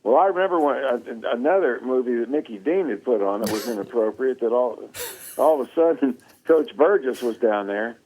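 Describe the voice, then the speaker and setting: A man telling a funny story in a casual chat, animated and laughing often, acting out the quotes. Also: medium pitch, moderate pace, poor audio. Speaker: guest.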